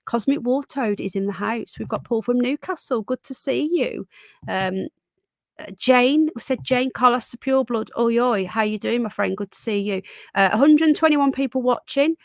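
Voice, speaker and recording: A woman hosting a live stream, casually greeting viewers by name and calling them darling and sweetheart, her voice going hoarse. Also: a little high, normal speed, dry recording.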